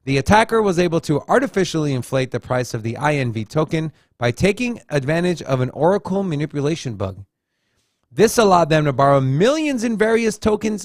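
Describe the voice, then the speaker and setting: A man's voice: a little high, no echo, clean studio sound. A man co-hosting a casual crypto news show, reading headlines aloud and tossing in joking asides. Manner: reads headlines then adds joking asides. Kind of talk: casual news read-through with commentary.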